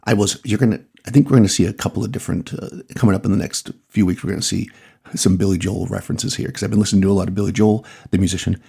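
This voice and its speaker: A middle-aged man with a Massachusetts accent, hosting his podcast and talking out loud in a loose, rambling way with small laughs. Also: low-pitched, fairly even intonation, rapid-fire, vocal fry, breathy edge. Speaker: podcast host, photographer. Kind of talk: casual solo podcast monologue.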